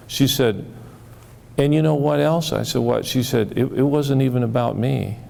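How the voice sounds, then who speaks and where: A man telling stories from his therapy cases, halting and repeating words as he acts out quoted dialogue. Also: medium pitch, vocal fry, a little mellow, a little hiss or hum. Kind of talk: storytelling talk.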